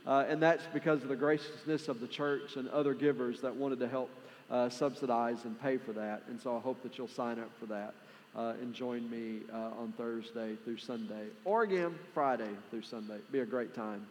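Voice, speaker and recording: With a West Texan accent and a mid-range voice at normal speed, a man preaches a sermon as pastor, including prayer and announcements. He sounds earnest and conversational, using plenty of fillers. It's recorded in a large church sanctuary with long hall reverb, faint music and slight background noise.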